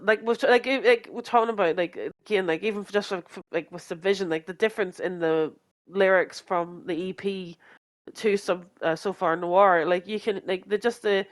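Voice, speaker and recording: A woman's voice: medium pitch, fairly even intonation, normal speed. A woman co-hosting a podcast in casual fan chat, rambling with many fillers and restarts and laughing often. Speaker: podcast co-host.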